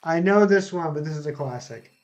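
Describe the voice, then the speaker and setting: Relaxed game streamer, male, a bit higher-pitched, chatting with viewers over dull audio. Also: fairly quick, soft background music. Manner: chatty, reads out chat jokes and greets viewers. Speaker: streamer reading live chat. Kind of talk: casual live-stream chat.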